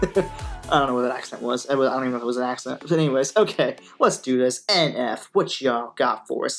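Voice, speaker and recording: A man's voice: mid-range voice, fast talker, faint music behind. Rambling young man hosting a reaction video. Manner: rambling, filler-heavy, upbeat. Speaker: music reaction host. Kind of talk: casual reaction commentary.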